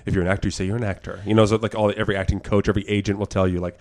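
A man co-hosting a podcast in casual chat, telling animated stories, acting out quotes and swearing freely. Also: lowish voice, very fast. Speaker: podcast co-host.

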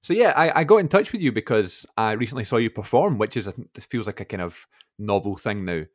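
Relaxed man hosting a podcast, dry sound. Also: on the low side, quick pace, no echo. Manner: relaxed, hesitant with many fillers. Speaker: podcast host. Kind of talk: casual podcast interview.

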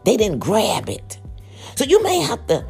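A middle-aged woman with a raspy morning voice, preaching a sermon with passion, dropping to whispers and rising to cries. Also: medium pitch, wildly swooping pitch, measured pace, faint music behind. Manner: impassioned preaching, swinging between hushed whispers and loud cries.

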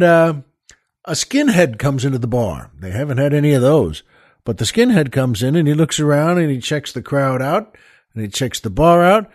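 A male host telling a joke in a folksy, rambling way with many fillers. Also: a little high.

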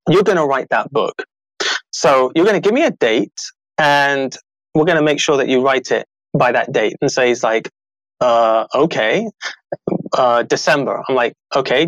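Male podcast guest, 30s, animated storyteller who does the voices, mid pitch, dry close sound. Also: no echo, poor audio. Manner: animated, acts out quoted voices, laughs often. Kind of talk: casual interview storytelling.

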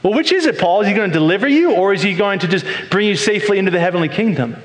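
Higher pitched guy preaching, casual and repetitive, echoes around the room. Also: lively intonation, racing. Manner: conversational, repeats words while building points. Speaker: pastor. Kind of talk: sermon.

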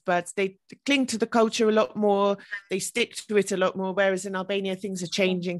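A woman's voice: on the low side, dry recording. A woman from the United Kingdom, hosting a casual interview in a chatty, hedging way. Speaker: host.

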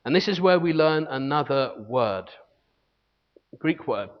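A man's voice: a little high, animated, measured pace. A man preaching a sermon, teaching earnestly and reading scripture aloud. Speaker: pastor. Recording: long hall reverb, dull lo-fi sound.

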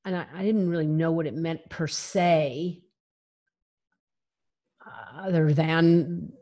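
A woman's voice: low voice, steady tone, takes it slowly, dark tone. A woman guest in an interview, telling her own story in a frank, emphatic way and laughing between phrases. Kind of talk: candid personal storytelling.

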